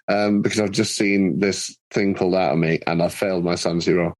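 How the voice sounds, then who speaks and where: A man playing a tabletop horror game, reacting in an animated way and chatting casually. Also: low voice, brisk, few pauses. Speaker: player.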